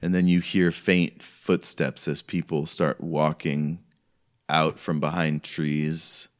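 A man's voice: very deep voice, flat delivery, slow pace. A man narrating a tabletop game as game master, talking in a casual, rambling way full of "like". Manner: casual, rambling, heavy use of "like".

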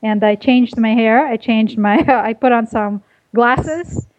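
A woman from Russia, a guest explaining her organization's work in a measured way, heard over a phone line. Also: a little high, darkish tone. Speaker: guest, nonprofit co-founder. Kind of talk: casual interview over phone.

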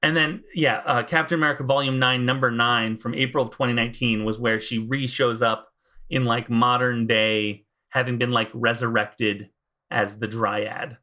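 Bright-voiced man, casual chat. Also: medium pitch, normal speed. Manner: relaxed, reels off comic issue details. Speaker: podcast co-host.

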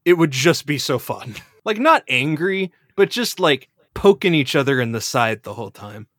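Playful podcast co-host, lively pitch. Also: normal speed, no room sound, clean studio sound. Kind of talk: casual episode recap chat.

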